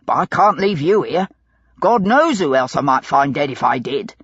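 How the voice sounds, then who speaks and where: Casting: woman doing a hulking rough man, husky and low, muffled audiobook sound. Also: big pitch swings, moderate pace, no echo, heavily acted. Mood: savage. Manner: rough, belligerent, coarse slang. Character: burly gruff male London lodging-house man.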